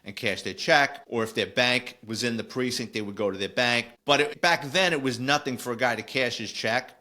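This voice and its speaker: A middle-aged man, telling a casual, animated story on a podcast with lots of digressions. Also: medium pitch, moderate pace. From New York. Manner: animated, digressive, acts out quoted voices. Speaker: podcast host, former police officer.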